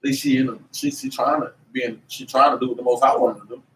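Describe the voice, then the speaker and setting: A man teaching a religious class in an animated, preachy way, with lots of slang and repeated "man". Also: medium pitch, fast. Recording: echoey room, mic at a distance, faint noise.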